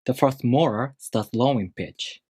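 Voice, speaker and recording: A man teaching a language lesson, explaining rules step by step in a measured, scripted way. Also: medium pitch, darkish tone, husky, dry recording, studio quality.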